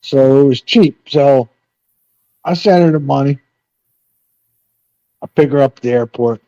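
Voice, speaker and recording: A man's voice: medium pitch, a little slow, mellow, dry recording, lo-fi sound. A middle-aged man telling a rambling, profane story on a live chat panel.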